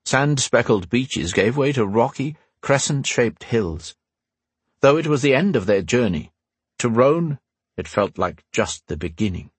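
A man reading a fantasy novel aloud in calm, even scripted narration. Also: mid-range voice, a little slow, husky, dry recording. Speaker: audiobook narrator.

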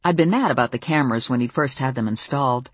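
A woman's voice: very deep voice, fast talker, husky, no echo. A woman narrating a first-person novel in a wry, conversational way. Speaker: audiobook narrator.

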